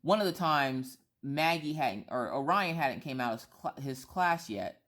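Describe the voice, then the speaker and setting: A woman's voice: very deep voice, expressive, measured pace, a bit bright. A woman in her thirties who vlogs, chatting and telling a rambling story full of asides and restarts. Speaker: vlogger. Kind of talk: casual storytelling chat.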